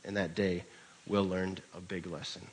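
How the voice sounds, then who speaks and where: A man's voice: sits low, level tone, moderate pace, a little hiss or hum, poor audio. A man preaching a sermon as pastor, telling a story in a conversational way with occasional restarts.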